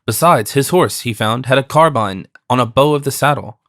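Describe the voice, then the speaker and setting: A man's voice: mid-range voice, moderate pace, fairly bright tone, no room sound, clean studio sound. Man narrating a classic audiobook. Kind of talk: scripted narration.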